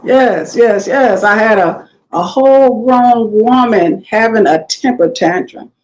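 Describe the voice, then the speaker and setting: On a muffled recording, a woman with a slightly high voice speaks slowly as a guest in a casual interview. She tells her stories with lots of animation, quoting others and performing their lines in lively voices.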